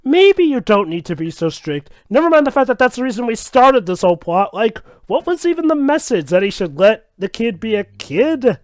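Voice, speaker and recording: High-voiced sarcastic man commenting. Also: very animated, moderate pace, few pauses, darkish tone, dry recording, clean studio sound. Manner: sarcastic, exasperated. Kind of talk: casual commentary over an episode.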